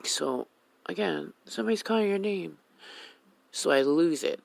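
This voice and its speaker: A woman's voice: fairly low pitch, lively intonation, measured pace, vocal fry, a little mellow, no room sound, rough recording. A woman from Hawaii, a mother, telling her own life story on the radio in a candid, emotional way. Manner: candid, emotional, retells conversations.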